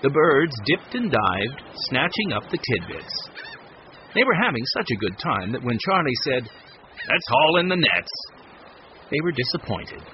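A man narrating a children's storybook chapter in an expressive, scripted reading. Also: medium pitch, moderate pace, slight background noise. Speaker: audiobook narrator. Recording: slightly muffled audiobook recording.

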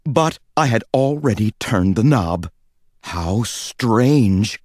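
A man narrating a children's audiobook in the first person, with a playful, expressive manner. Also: fairly low pitch, slow, dry recording, clean studio sound.

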